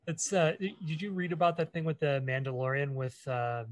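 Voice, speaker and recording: Deadpan man co-hosting a podcast. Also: on the high side, fairly quick, no echo, rough recording. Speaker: podcast co-host. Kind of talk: casual chat.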